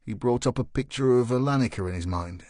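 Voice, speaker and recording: A man narrating a thriller audiobook in a measured, even way. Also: mid-range voice, no echo, clean studio sound.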